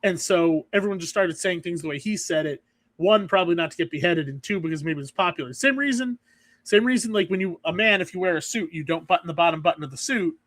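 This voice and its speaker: Guy with a high voice rambling on a food podcast, dry close sound. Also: fast talker, a bit bright, dry recording. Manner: rambling, restarts often. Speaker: podcast co-host. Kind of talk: casual chat.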